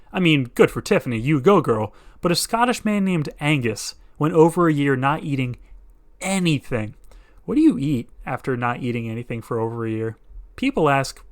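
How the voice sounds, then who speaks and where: Male comedy narrator with a slightly high voice. He reads crude jokes in a sarcastic way. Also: fairly quick. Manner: sarcastic, crude, deadpan asides.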